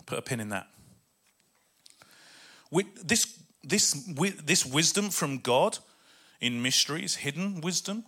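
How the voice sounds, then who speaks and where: A man preaching a sermon with excitable emphasis, then dropping quieter to read scripture. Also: medium pitch. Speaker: pastor.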